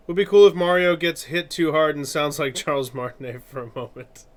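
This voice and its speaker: A man streaming live, chatting casually in a rambling way, laughing often and correcting himself. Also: a little high. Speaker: streamer and artist.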